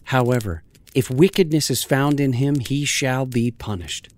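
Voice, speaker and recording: An actor playing a young, newly crowned king who speaks in a quiet, measured way in an audio drama. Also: medium pitch, lightly acted.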